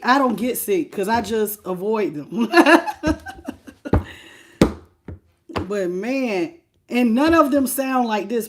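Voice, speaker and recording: A woman with a hoarse, laryngitis-worn voice hosting a live tarot stream, chatting casually and familiarly with viewers and calling them baby and boo. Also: medium pitch, darkish tone, a little hiss or hum. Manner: unhurried and chatty, laughing often.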